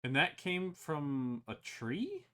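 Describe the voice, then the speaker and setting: A player makes playful, drawling remarks during a tabletop game. The voice is bright and the pace slow. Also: mid-range voice, huge pitch swings. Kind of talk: casual tabletop game chat.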